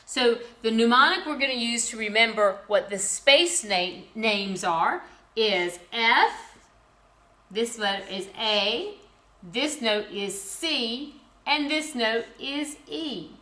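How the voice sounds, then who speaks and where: Slow, bright-voiced woman music teacher. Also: a little high. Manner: slow, patient, teacherly with counting and repetition. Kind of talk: children's music lesson.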